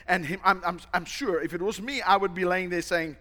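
A male pastor preaching a sermon, emphatic and dramatic, shouting at the peaks. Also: high voice, animated, normal speed, few pauses. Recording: long hall reverb.

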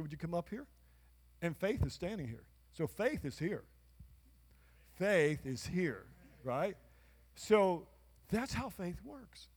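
High-voiced man preaching in echoing church. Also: a little mellow, breathy edge. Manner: emphatic preaching with call-and-response. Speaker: pastor. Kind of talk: sermon. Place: church sanctuary. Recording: long church hall reverb.

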